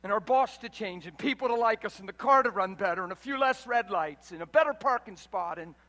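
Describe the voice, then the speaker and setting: A man's voice: sits high, lively intonation, brisk, sharp tone. A man preaching a sermon in a large hall, exuberant and emphatic, often breaking into laughter. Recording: reverberant hall.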